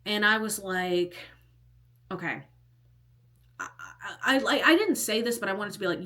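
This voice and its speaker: A woman's voice: medium pitch, expressive, normal speed, long pauses, bright, forceful tone. A woman in her thirties telling a casual storytime, chatty and exasperated, often restarting her sentences and acting out what others said. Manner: chatty and exasperated, many restarts and quoted dialogue. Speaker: vlogger.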